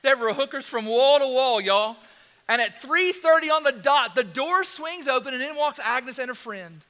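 A preacher tells a sermon story with animated, dramatic delivery. His voice sits high for a man and sounds bright and forward. He moves quickly between loud and quiet passages.

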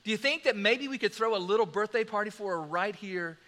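An earnest, kindly preacher, as a storyteller acts him out, eager and quick, with a high, bright voice. He sounds sincere throughout. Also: in a large hall. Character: earnest kindly middle-aged male preacher.

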